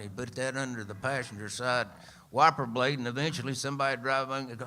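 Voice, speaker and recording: Fast and pushed, his mid-range voice comes across bright. The seventy-something storyteller and singer-songwriter, with an East Tennessee accent, is spinning a folksy, dry-humored yarn live on a radio show.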